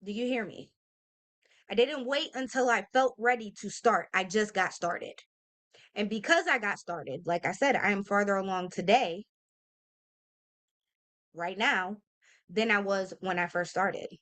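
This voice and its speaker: A woman in her thirties, a motivational vlogger, gives a heartfelt talk to camera. Her voice is medium in pitch and a little bright, and she speaks at a measured pace with frequent pauses. She's earnest and emphatic, talks casually with slang and fillers, and speaks straight to listeners with "y'all" and "okay?"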